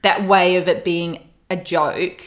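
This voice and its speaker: A woman's voice: lowish voice, steady tone, takes it slowly. A young woman in casual chat, telling a story animatedly and acting out the quotes.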